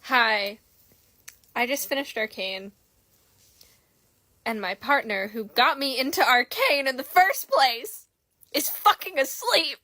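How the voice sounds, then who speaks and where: A woman's voice: high-pitched, lively intonation, slow, pauses often, sharp tone. A woman in a late-night casual vlog, rambling emotionally and swearing freely into her phone camera. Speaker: content creator.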